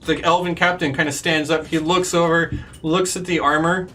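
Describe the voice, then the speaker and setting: Bright-voiced male game master. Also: a little high, fairly even intonation, moderate pace, distant mic, faint music behind. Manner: loose, filler-heavy narration. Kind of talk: narrating a tabletop game.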